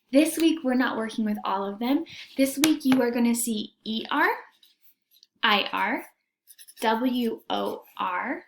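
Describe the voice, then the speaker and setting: A woman teacher giving a recorded reading lesson to young students, sounding out letters and vowel sounds with slow, careful diction. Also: on the high side, a little hiss or hum.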